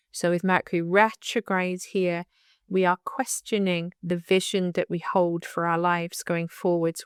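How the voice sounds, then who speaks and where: A woman astrologer with a slight lisp, giving a calm and unhurried monthly forecast. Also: lowish voice, clear, resonant tone, dry recording, clean studio sound. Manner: calm and unhurried, laughs at tricky numbers.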